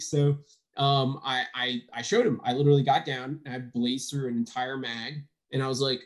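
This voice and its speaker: A man chats as a podcast guest, relaxed and conversational. He throws himself into acting out what others said, jumping up in voice for the quotes before settling back into an even, mid-range delivery. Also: mid-range voice, fairly quick. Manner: animated, acts out quoted dialogue. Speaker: guest, firearms trainer. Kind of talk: casual podcast chat.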